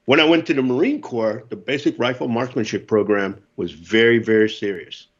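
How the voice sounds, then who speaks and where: Give me a man in his fifties telling animated stories as a podcast guest, with slightly dull, lo-fi audio. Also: medium pitch, normal speed. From United States. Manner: animated storyteller, acts out voices, laughs often. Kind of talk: casual storytelling.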